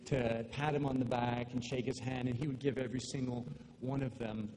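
Halting man giving a eulogy in a hall. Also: mid-range voice, steady tone, darkish tone. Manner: halting, with many fillers and restarts. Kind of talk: memorial speech. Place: large hall with long reverb. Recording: echoey hall, faint room noise.

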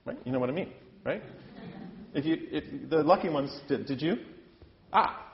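A man's voice: on the high side, expressive, moderate pace, vocal fry. A man from the US Midwest teaches opera singers in a chatty, self-deprecating way, gesturing as he talks. His voice carries a long reverb from a hall. The recording sounds a little dull. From Iowa, US Midwest. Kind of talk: lecture-demonstration.

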